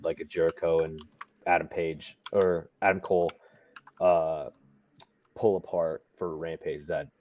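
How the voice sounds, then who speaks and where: A young man tells his stories in a low, mellow voice, laughing often and jumping up high whenever he mimics someone else. The audio sounds muffled and lo-fi. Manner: animated, laughing often, acts out other people's lines in a high voice. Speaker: professional wrestler guest. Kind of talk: casual storytelling. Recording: dull lo-fi podcast audio.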